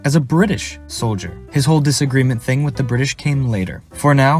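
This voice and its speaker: A young man narrating a comedic history cartoon with deadpan, playful delivery. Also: medium pitch, brisk, few pauses, faint music behind. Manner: deadpan, jokey, playful voice shifts.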